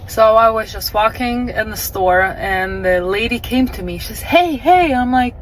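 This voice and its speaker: A woman from Eastern Europe tells an amused story about being complimented. Her voice sits at a middle pitch. A faint vehicle hum runs behind her. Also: normal speed, poor audio. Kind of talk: casual vlog story.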